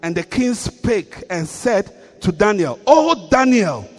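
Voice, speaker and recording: A man's voice: sits high, a little slow, in a large hall. A man preaching a sermon, reading scripture and repeating key lines with rising emphasis.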